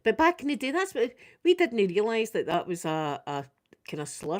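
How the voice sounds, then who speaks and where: A Scottish woman chatting casually through a makeup ASMR video, quick and soft-spoken with frequent laughter. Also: mid-range voice, sing-song. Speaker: ASMR creator doing makeup.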